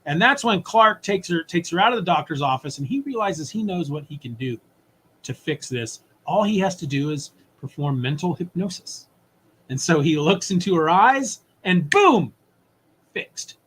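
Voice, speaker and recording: With a slightly high voice and a bit of hiss or hum in the recording, a podcast co-host casually recaps a comic story, animatedly acting out the characters in brief asides.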